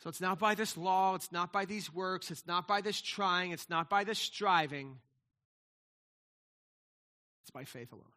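A man's voice: high-pitched, unhurried, long pauses, sharp tone. A middle-aged man preaching a sermon in a conversational way, often restarting and asking "right?". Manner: conversational preaching, many repeated words and restarts, asks "right?". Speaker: pastor.

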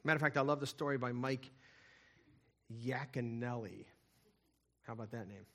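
A middle-aged man preaching a sermon, telling stories and swinging between loud emphatic lines and hushed, quiet ones. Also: medium pitch, moderate pace. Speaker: pastor.

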